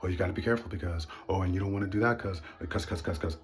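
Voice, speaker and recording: A man's voice: low voice, racing, lightly acted. A man imitating his dismissive, needling older father in an offhand, mocking tone.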